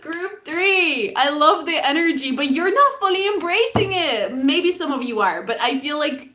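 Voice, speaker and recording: A woman reads tarot in a loose, conversational way, laughing and cursing freely as she talks. Her voice sits high and bright. It leaps up and down constantly. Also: normal speed. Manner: animated and chatty, laughs often, swears casually. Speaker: tarot reader. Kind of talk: casual pick-a-card tarot reading.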